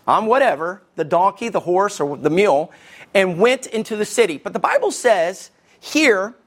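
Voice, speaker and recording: A middle-aged man from Alabama with a Southern American accent, preaching a sermon as pastor in a conversational, lively way and talking straight to his congregation. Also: high voice. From Alabama, USA.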